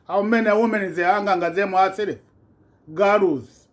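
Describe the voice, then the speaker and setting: A man's voice: sits high, unhurried. A man giving an impassioned political rant in broken, non-native English, repeating himself with indignation. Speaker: vlogger.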